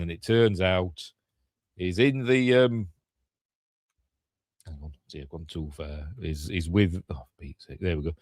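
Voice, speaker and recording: A man's voice: low-pitched, no echo, studio quality. An older man with a Yorkshire accent, rambling casually through a film breakdown with chatty asides and self-corrections. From Yorkshire, England. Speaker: film reviewer.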